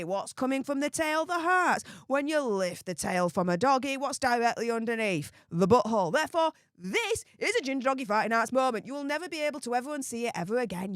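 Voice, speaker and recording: A woman hosting a casual live stream, chatting to viewers and thanking them warmly, with plenty of fillers. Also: fairly high pitch, dry recording, clean studio sound.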